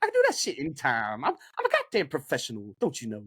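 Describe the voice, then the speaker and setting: A man's voice: mid-range voice, wildly swooping pitch, fast talker, a bit bright, husky, dry recording, studio quality, heavily acted. A man putting on a swaggering street gang boss. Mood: boastful. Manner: brash, profane, boastful. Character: swaggering cocky male street gang leader.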